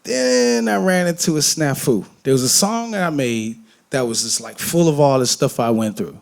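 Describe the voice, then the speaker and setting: A man from Detroit talking candidly on a festival stage, telling animated, profane, joking stories and acting out voices. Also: mid-range voice, moderate pace, creaky. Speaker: guest musician on stage. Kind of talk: candid onstage conversation. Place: festival main stage before an audience.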